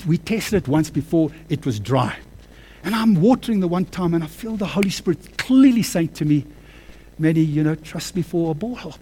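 A man preaching a sermon with personal testimony, calling listeners friends and child of God, moving from quiet storytelling to fervent shouting. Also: a little high, slightly rough. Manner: swings from hushed to shouting with passion.

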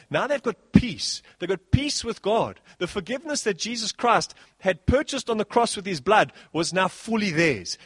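A man preaching a sermon as pastor, animated, swinging between soft passages and loud bursts. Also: high voice, slightly rough, no echo.

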